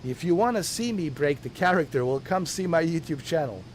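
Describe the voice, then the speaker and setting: A man's voice: fairly high pitch, lively intonation, fairly quick, a little hiss or hum. A man streaming a game, talking in casual, rambling chat in an insistent way with many restarts. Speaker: gaming streamer.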